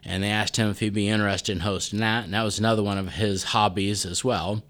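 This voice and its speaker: Low-voiced man telling a story. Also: quick pace. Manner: relaxed storyteller, voices quotes, frequent restarts. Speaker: festival president, guest. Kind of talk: conversational interview storytelling.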